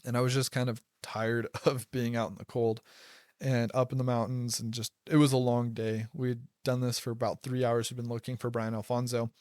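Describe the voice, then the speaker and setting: A man's voice: mid-range voice, flat delivery, normal speed, a little mellow, no room sound, clean studio sound. A young man casually telling a personal story, rambling, with lots of "like" and restarts. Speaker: podcast host telling personal stories.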